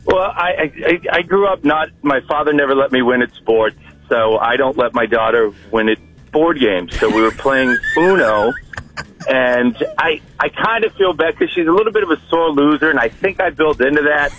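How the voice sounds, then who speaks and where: A middle-aged man calling in to a radio show, telling a story with an animated, stammering delivery. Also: a little high, normal speed, low-quality recording. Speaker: caller. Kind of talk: phone-in story.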